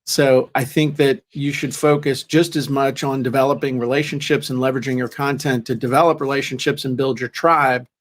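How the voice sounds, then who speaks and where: A man's voice: medium pitch, level tone, a little fast, few pauses. A man co-hosting a podcast, talking in a chatty, joking, self-deprecating way. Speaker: podcast co-host. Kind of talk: casual chat.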